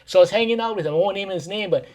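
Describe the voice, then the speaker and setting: A man's voice: sits high, very fast. A man from Maui with a Hawaiian Pidgin-tinged accent, a life coach talking casually and directly to his listeners. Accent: Hawaiian Pidgin-tinged English. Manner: warm, repetitive, addresses listeners directly. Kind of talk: casual direct-to-camera talk.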